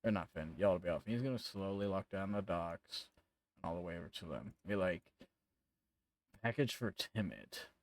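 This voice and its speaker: Man game master, casual rambling narration, swears freely, low voice, dry close sound. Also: fairly quick, dry recording.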